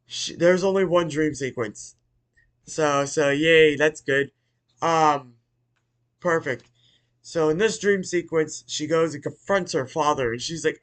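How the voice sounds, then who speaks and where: Excitable man rambling through a recap. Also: on the high side, normal speed. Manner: rambling, profane, with many restarts; excitable, with sudden loud outbursts. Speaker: movie reviewer. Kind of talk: casual rambling movie recap.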